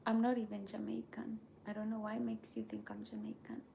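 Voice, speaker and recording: Woman channel host, casual motivational chat; vocal fry, faint background hiss, keeps checking in with "right?", drifts into a breathy near-whisper. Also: a little high, big pitch swings, fairly quick, warm tone, muffled recording. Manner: earnest, repeats "right?" and "okay?" to check in with viewers. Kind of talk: casual motivational chat while reading viewer comments.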